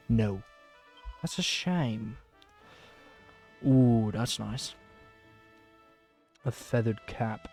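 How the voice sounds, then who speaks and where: A man streaming a game, chatting casually, giggling often and reading on-screen text aloud, sounding worn out. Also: medium pitch. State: tired. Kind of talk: casual live-stream commentary.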